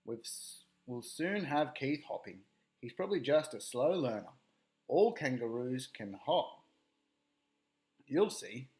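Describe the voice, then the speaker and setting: A man's voice: medium pitch, big pitch swings, slow, darkish tone. A man voicing a big, kindly and confident male kangaroo in a storybook, speaking in a hearty, firm, commanding way.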